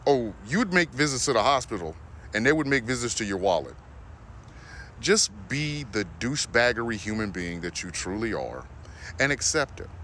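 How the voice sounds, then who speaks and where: A man delivering a heated commentary rant, swearing heavily and pushing his voice up into loud peaks. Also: medium pitch, big pitch swings, moderate pace, slight background noise. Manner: heated, heavy swearing, rising into shouty peaks. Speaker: commentator reacting to clips. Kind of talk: profane rant.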